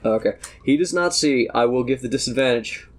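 A man's voice: mid-range voice, fairly quick. A young man narrating as game master at a tabletop game, casual and joking, swearing freely.

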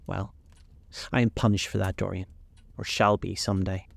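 A man's voice: deep voice, level tone, normal speed, vocal fry, no room sound, exaggerated voice. A man voicing an anguished, earnest older male painter in a storybook reading, pained and pleading. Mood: distressed.

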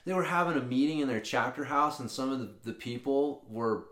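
A man co-hosting a podcast, telling stories in a casual, profane, animated way. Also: medium pitch, brisk. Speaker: podcast co-host. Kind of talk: casual chat, storytelling. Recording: roomy echo.

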